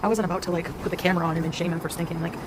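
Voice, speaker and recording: A woman's voice: fairly low pitch, steady tone, racing. A woman filming herself outdoors on a city street, talking bluntly and crudely. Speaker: vlogger filmed in a clip. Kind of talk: casual outdoor vlog. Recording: loud street noise behind.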